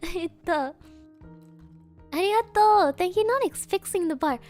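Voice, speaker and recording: A woman's voice: extremely high pitch, expressive, moderate pace, darkish tone, faint music behind. A woman streamer chatting casually and playfully with her chat, often breaking into giggles. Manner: giggly, playful, keeps bursting into laughter. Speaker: virtual streamer.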